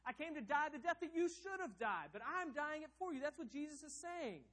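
A man preaching a sermon as pastor, swinging between loud, emphatic passages and hushed, quiet ones. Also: very high-pitched, expressive, a little fast, low-quality recording.

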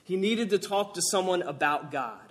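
Animated preaching man, fairly high voice. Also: normal speed. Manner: animated preaching, rising for emphasis and dropping to quiet asides. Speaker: pastor. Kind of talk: sermon.

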